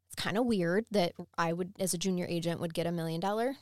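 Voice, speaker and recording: A woman co-hosting a podcast, telling a true-crime story in a chatty, animated way and laughing often. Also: fairly low pitch, fast, dry recording, clean studio sound. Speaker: podcast co-host.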